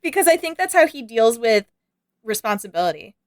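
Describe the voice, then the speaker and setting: A woman co-hosting a podcast in casual chat, animated and laughing often as she talks. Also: fairly high pitch, fairly quick, no room sound, clean studio sound. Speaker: podcast co-host.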